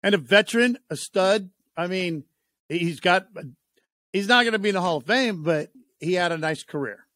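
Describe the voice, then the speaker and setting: A man hosting a sports radio show, his high-pitched voice dry and close on a studio microphone. He chats casually, telling stories with lively acted-out voices. The delivery is quick, animated and playful. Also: no room sound. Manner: animated storyteller, does voices.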